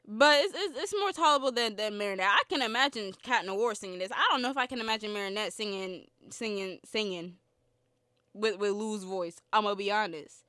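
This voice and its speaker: Young female podcast host, high bright voice, dry close sound, rambling and giggly, slight sore throat. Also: fairly quick, clear, resonant tone, no room sound. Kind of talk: casual film review chat.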